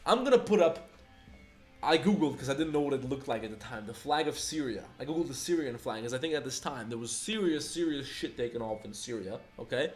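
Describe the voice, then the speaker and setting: A man's voice: medium pitch, quick pace, hardly any pauses, faint music behind. A man in his twenties ranting heatedly on a livestream, profane and firing off rhetorical questions. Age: 20s. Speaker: livestream host.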